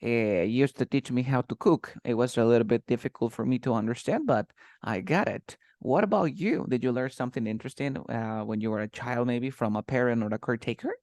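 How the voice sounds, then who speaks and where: A man's voice: medium pitch, a little mellow, dry recording. Patient male English teacher, dry sound. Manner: patient, repeats words slowly for pronunciation. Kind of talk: conversational lesson, interview practice.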